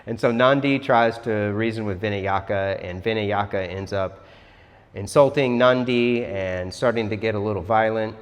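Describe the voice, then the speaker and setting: A man telling a myth as a casual lesson in a chatty, relaxed way, often saying "like". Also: on the low side, moderate pace. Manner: chatty, relaxed, says "like" a lot. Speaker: yoga teacher. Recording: long hall reverb.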